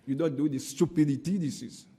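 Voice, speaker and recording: At a public hearing, a witness testifies in English, his native tongue being Seychellois Creole; he's from Seychelles. His dark, warm voice is slightly high, and he stumbles along with frequent "uh" fillers while insistently repeating "my friend."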